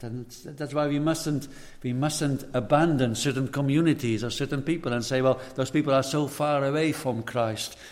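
A man preaching a sermon in an earnest tone, repeating words as he presses his points. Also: mid-range voice. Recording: hall reverb.

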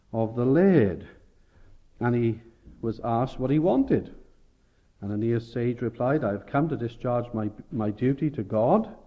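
A man's voice: medium pitch, phone-quality sound. A man preaching a sermon, explaining scripture and rising to emphatic peaks. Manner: expository, rising with emphasis, self-correcting.

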